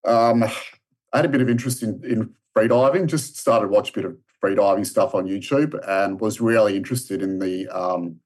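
A man's voice: on the low side, brisk, darkish tone. An Australian man in his thirties, a guest telling a long story in a casual interview, full of restarts and fillers. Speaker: podcast guest, strength and conditioning coach.

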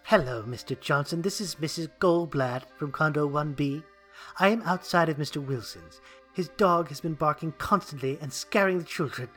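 A man voicing a fussy, complaining older woman neighbor in a storybook reading, shrill and indignant. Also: moderate pace, a bit bright, husky, soft background music.

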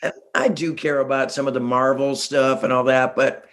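A middle-aged man, a band singer and songwriter, telling rambling, animated stories with self-deprecating jokes in a casual interview. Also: medium pitch, normal speed.

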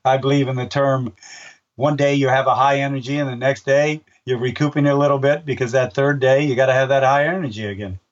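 A man's voice: medium pitch, fairly even intonation, brisk. An older man, a race announcer, telling stories in a casual interview, rambling with restarts and acting out voices in his anecdotes. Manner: rambling, with many restarts and fillers. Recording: dull, distant-sounding recording.

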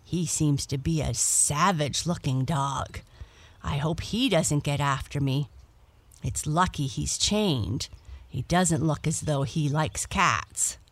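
A woman's voice: deep voice, slow, no echo, exaggerated voice. A woman voicing a young female black cat who is eager, chatty and adventurous in a storybook reading.

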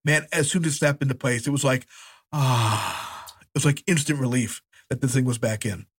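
A man co-hosting a podcast, telling a story in a lively, animated way, acting out voices and laughing as he goes. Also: mid-range voice, normal speed, slightly rough. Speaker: podcast co-host. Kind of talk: casual storytelling chat.

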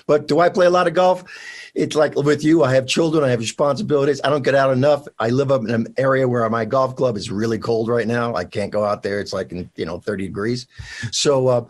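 An older man chats easily as a guest on a talk show, spinning stories and now and then belting out a quoted shout. His voice sits at an ordinary middle pitch. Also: breathy edge. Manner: chatty storyteller, acts out shouted quotes. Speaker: actor guest. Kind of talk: casual radio interview.

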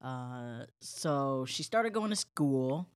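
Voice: mid-range voice, animated, drawn-out words, clear, resonant tone. A podcast co-host telling a story in casual chat, blunt and irreverent.

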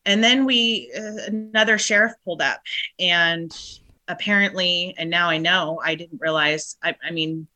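Shaken low-voiced woman telling her story. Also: sharp tone. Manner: halting, with many restarts and fillers. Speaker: guest. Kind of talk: emotional personal storytelling.

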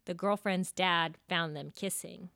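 A woman's voice: fairly low pitch, fairly even intonation, a little slow, vocal fry, bright, forceful tone, no echo, studio quality. A young woman co-hosting a podcast in casual chat, adding jokey comments and retelling stories. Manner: casual, jokey interjections, talks about astrology. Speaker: podcast co-host.

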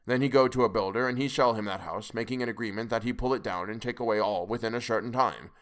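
A man voicing an elderly foreign professor in an audiobook, speaking in a measured, deliberate, lecturing way. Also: medium pitch, a bit bright, smooth, natural voice. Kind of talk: audiobook character reading.

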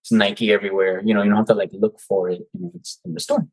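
Man, guest coach, casual interview, low-ish voice, acts out quotes. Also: fast, breathy edge, low-quality recording. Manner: animated, acts out his own quoted reactions. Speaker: guest, seller turned coach.

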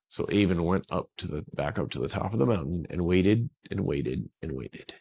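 A man's voice: low-pitched, lively intonation, normal speed, hardly any pauses, dark tone, husky. A man telling a children's story off the cuff, in simple words with repeated phrases and small self-corrections. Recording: dull lo-fi recording.

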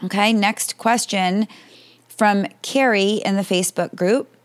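A woman's voice: medium pitch, steady tone, a little slow. A woman in her forties hosting an advice podcast, answering listener questions in a direct, reassuring way.

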